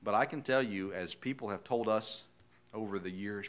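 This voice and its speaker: A male pastor preaching a sermon in a folksy, earnest storytelling way, swinging from hushed lines to loud emphasis. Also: fairly low pitch, steady tone, moderate pace.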